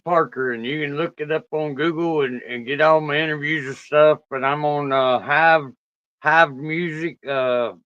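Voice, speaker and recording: A man's voice: on the high side, sharp tone, clean tone, no room sound, highs cut off. A middle-aged man, a country music artist chatting casually in an interview, laid-back and drawling, often chuckling. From United States.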